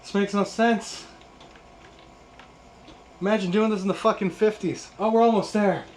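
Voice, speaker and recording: A man in his thirties hosts a casual YouTube guide to restringing a guitar, swearing with sarcastic exasperation as he rants. The voice sits high with fairly even intonation, normal speed and a darkish tone, plus a little hiss or hum.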